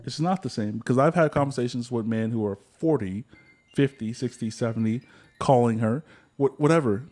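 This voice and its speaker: Laid-back guy hosting a podcast, jokey, keeps restarting his sentences, mid-pitch voice. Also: a little fast, a little mellow. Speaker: podcast host. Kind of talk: casual chat.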